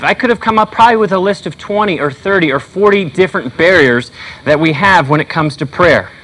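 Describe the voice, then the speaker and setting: A man's voice: high voice, fairly bright tone, poor audio. A male pastor preaching a sermon in an earnest, conversational way with frequent fillers.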